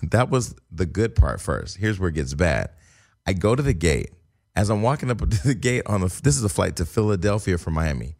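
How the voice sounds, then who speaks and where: Animated man telling a story, low voice. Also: moderate pace, creaky. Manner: animated, acts out quoted voices, laughs while telling. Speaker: podcast host telling a story. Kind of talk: casual storytelling chat.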